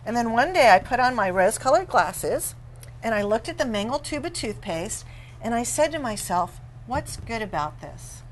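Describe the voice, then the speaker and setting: A woman author, a guest in an interview, telling animated and playful stories about marriage. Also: on the high side, moderate pace, a little hiss or hum, low-quality recording. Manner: animated storyteller, playful and laughing. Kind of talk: conversational interview.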